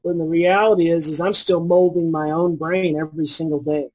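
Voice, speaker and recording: A man in his forties, a parenting expert guest, explaining in a calm, earnest way and repeating his key phrases. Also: a little high, brisk, poor audio. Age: 40s. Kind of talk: conversational explaining.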